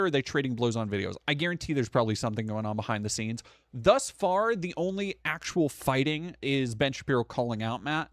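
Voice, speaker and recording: A man's voice: medium pitch, a bit bright, no echo, clean studio sound. Rambling, profane young male streamer. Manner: rambling, profane, frequent restarts. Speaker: streamer host. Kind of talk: casual live-stream chat reading donations.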